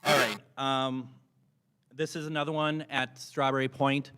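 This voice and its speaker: A man's voice: mid-range voice, little pitch movement, a little slow. A man talking casually to a convention audience as a paranormal investigator, chatty and enthusiastic, often restarting his sentences. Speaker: paranormal investigator giving a convention panel talk. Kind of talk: casual presentation to a live audience. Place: convention panel room. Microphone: microphone in front of him. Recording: noisy room recording with clicks.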